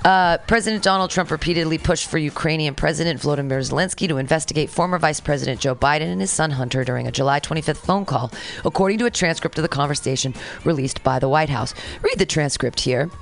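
A woman's voice: low-pitched, quick pace, gravelly, hardly any pauses. A woman hosting a radio show, chatting sarcastically about politics and reading news items aloud, with faint music behind. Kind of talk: casual political banter.

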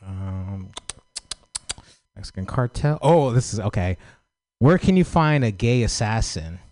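A man's voice: fairly low pitch, lively intonation, measured pace, a little mellow, dry recording, studio quality. A man doing a loose, profane open-mic stand-up set, joking at his own expense and asking for feedback. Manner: loose, profane, self-deprecating.

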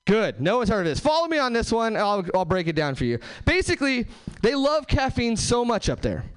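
A man doing a stand-up set on a club stage, talking to the crowd with lively asides and quick character voices. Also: very high-pitched, clear, resonant tone. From Southern California. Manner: animated, bouncing between voices and asides to the crowd. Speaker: stand-up comedian.

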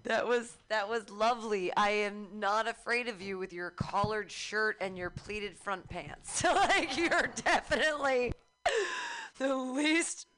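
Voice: medium pitch, fairly even intonation, slow, bright, forceful tone, rough recording. A host emceeing a comedy night, cheerfully teasing the last comic and introducing the next one.

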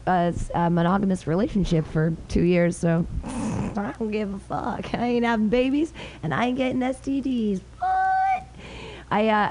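A woman hosting an open mic on a small club stage, rambling and crudely teasing between acts as she introduces comedians. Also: mid-range voice.

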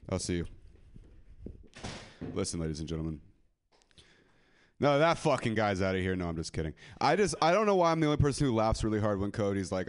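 Man, stand-up comic, low voice, crude, rambling, live club stage. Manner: crude, rambling, laughs at his own jokes. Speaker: stand-up comedian.

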